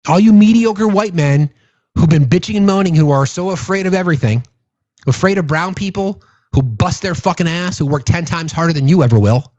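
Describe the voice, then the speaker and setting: Male political commentator, slightly high voice, sarcastic, profane rant; dull lo-fi sound. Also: brisk, a little mellow, dry recording. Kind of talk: casual political rant to viewers.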